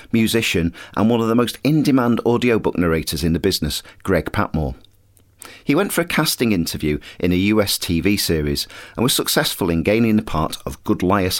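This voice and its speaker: A man hosting a podcast, narrating scripted links that introduce his guests' clips. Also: sits low. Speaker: podcast host.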